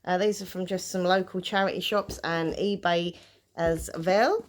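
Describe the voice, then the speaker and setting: A woman vlogs about a pile of new and used books, gushing over each one and reading the blurbs aloud. Her voice sits a little low for a woman. She talks chattily, trips over words now and then, and laughs it off. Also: steady tone, moderate pace. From United Kingdom. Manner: chatty and enthusiastic, loses her place and laughs it off. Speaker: book vlogger. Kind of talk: casual book haul chat with blurbs read aloud.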